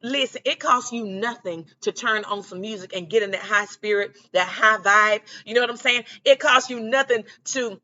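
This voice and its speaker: A woman's voice: on the high side, moderate pace, few pauses, bright, forceful tone, muffled recording. A woman giving a casual, encouraging spiritual pep talk, often checking in with "okay?" and "you know what I'm saying?". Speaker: spiritual guidance creator.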